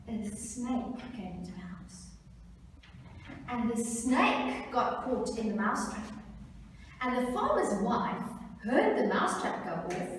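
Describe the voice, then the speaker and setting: A woman workshop facilitator telling a fable to students in a lively, animated way. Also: on the high side, a little hiss or hum. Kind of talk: storytelling to students. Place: large school hall. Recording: echoey hall, voice from far off.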